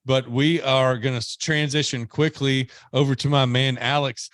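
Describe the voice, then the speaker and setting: A man's voice: medium pitch, little pitch movement, moderate pace, few pauses, fairly bright tone, dry recording. A man hosting a podcast in casual chat, rambling and restarting his sentences as he asks questions. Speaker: podcast host. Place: lives in Nashville.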